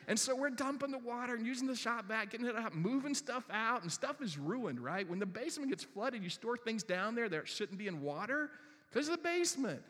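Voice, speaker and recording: A man giving a sermon, telling a personal story with lively, acted-out inner dialogue. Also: very high voice, fairly quick, big-room sound. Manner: animated storytelling, acts out his own inner voice. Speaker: pastor.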